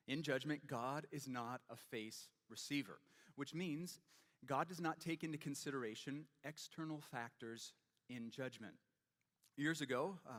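A man's voice: medium pitch, a bit bright. A man preaching a sermon as pastor, explaining scripture in a conversational way with stories and questions to the congregation. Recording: long hall reverb.

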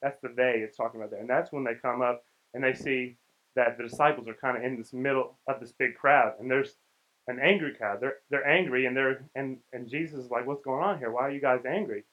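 A young man preaches in a relaxed, conversational way and voices the people in the story as he goes. His voice sits at an ordinary mid pitch. The recording is muffled and lo-fi. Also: brisk. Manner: conversational, acts out the characters' lines. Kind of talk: casual sermon.

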